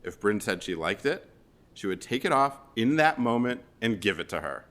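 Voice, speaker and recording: Man, 40s, from Chicago area; slightly low voice; gently humorous funeral eulogy. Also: very animated, moderate pace. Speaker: son giving a eulogy. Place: funeral service.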